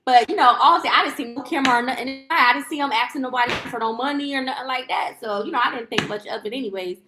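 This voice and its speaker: A woman's voice: sits high, quick pace, reverberant. A woman vlogger telling a story in a casual rant, rambling and profane, with lots of fillers and restarts. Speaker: lifestyle vlogger and livestreamer.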